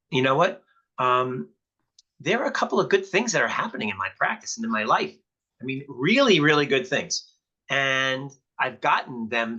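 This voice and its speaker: A man's voice: mid-range voice, sharp tone. A middle-aged man and chiropractor talks casually and candidly to a peer group, often acting out quoted conversations in a raised voice. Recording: dull lo-fi sound.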